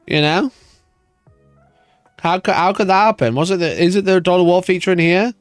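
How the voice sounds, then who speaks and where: A man's voice: high-pitched, moderate pace, clean tone, no echo, faint music behind. A man hosting a wargaming live stream, ranting in mock outrage and swearing as he reads and reacts. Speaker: wargaming channel host. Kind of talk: casual live-stream chat.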